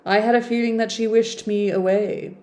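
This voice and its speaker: A woman's voice: fairly high pitch, steady tone, normal speed, a little mellow. A woman reading a classic novel aloud in a casual way, breaking off for chatty, playful, self-deprecating asides.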